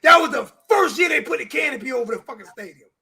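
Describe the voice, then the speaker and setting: A man's voice: very high voice, expressive, fast talker, vocal fry, bright, forceful tone. A man on a sports talk show, ranting with heavy swearing and repeating his words. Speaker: show regular.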